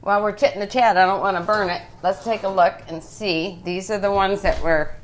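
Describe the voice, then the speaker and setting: A woman hosting a cooking show, chatting casually and gushing while she gently instructs her guest in a studio kitchen. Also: mid-range voice, fairly even intonation, a little fast, a little hiss or hum.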